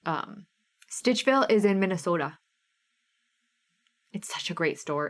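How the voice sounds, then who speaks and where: A woman's voice: fairly low pitch, expressive, unhurried. A woman in her thirties with a Midwestern American accent, hosting a live craft sale stream in a casual, bubbly way and reading out viewers' names.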